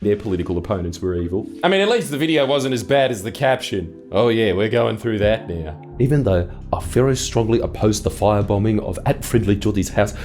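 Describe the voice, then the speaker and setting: A man's voice: fairly low pitch, lively intonation, fast talker, few pauses, a little mellow, soft background music. A man presenting a scripted comedic commentary video in a sarcastic, mocking tone. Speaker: online video creator.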